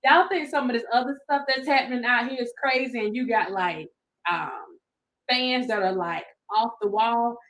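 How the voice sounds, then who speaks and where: A woman's voice: a little high, normal speed, fairly bright tone. A woman giving a laughing, playful casual commentary to her viewers. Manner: laughing, playful Southern-style slang. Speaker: commentary vlogger.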